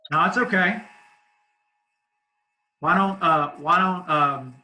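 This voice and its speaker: A youth pastor from Southeast Arkansas with a Southern accent, talking easygoingly on a video call, laughing often and leaning on fillers. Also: male voice, high voice, slow pace, bright, forceful tone, slight background noise, rough recording. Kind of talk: casual video call chat.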